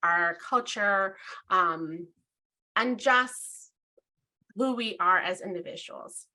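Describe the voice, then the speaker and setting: Bright-voiced woman hosting a webinar. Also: medium pitch, takes it slowly. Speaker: webinar host. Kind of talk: casual presentation.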